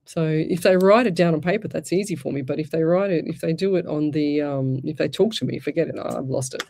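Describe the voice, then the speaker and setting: A woman's voice: sits low, quick pace, a little mellow. A middle-aged Australian woman hosting a live psychic radio show, chatting casually, rambling and restarting her sentences, her throat sore. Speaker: psychic medium radio host.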